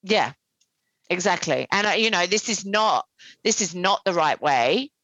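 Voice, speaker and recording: A woman's voice: on the low side, expressive, a little slow, fairly bright tone, no echo. A woman, a mother, talking earnestly and reflectively about parenting in casual conversation.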